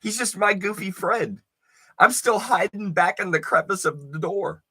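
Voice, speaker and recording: A man voicing his goofy grinning friend, talking quickly and amused while protesting, in a spoken story. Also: sits high, pushed and bright, slightly rough, no room sound, pitched above the performer's own voice, full character voice.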